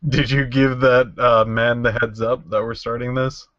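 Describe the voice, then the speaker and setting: A man playing in an online tabletop game, speaking in a slow, halting way. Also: mid-range voice, level tone, fairly bright tone, no echo, muffled recording. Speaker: player. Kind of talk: casual game chat.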